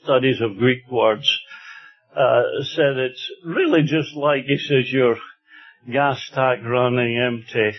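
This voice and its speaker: A man from Scotland preaching a sermon in an earnest, unhurried way, building to emphatic passages. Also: medium pitch. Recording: dull lo-fi recording.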